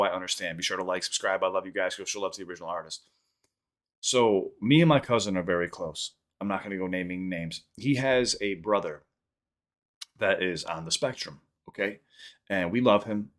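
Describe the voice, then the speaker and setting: Guy hosting a reaction vid, kinda low voice, rambly story then fast plugs. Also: a bit bright. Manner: rambling, quick sign-off plugs. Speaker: reaction channel host. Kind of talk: casual chat and storytelling.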